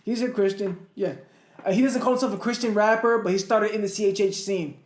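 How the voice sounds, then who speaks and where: A man with a fairly high voice co-hosts a casual podcast. He rambles through his stories, restarting sentences and chuckling along the way. The room is echoey. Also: steady tone, fairly quick. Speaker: podcast co-host. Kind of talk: casual chat.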